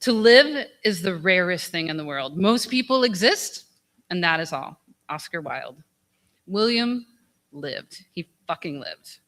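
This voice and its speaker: A woman's voice: on the low side, animated, measured pace, a bit bright. A woman giving a memorial speech, telling funny stories, laughing often and swearing candidly. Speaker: eulogy speaker. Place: memorial gathering.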